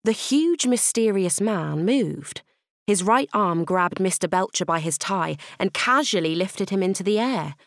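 A woman reading a children's audiobook with playful, expressive narration. Her voice sits slightly low. The recording is close and dry. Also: measured pace, no room sound.

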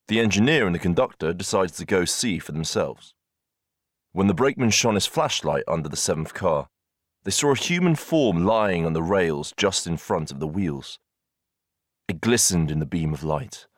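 Male audiobook reader, very low voice, measured narration, dry booth sound. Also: lively intonation, no room sound.

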